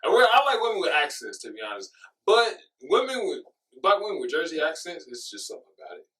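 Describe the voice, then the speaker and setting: A young man on a casual podcast, his pitch jumping all over as he rambles through a story. His tone is bright and sharp, and he sits a fair way back from the mic. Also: wildly swooping pitch, fast, distant mic, rough recording. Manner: rambling storyteller, laughs and swears often. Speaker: podcast co-host. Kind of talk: casual chat.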